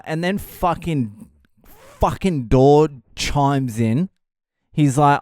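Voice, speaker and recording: A man's voice: on the high side, lively intonation, a little slow, a little mellow, no room sound, clean studio sound. An Australian man hosting a podcast, delivering a profane, exasperated solo rant. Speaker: podcast host.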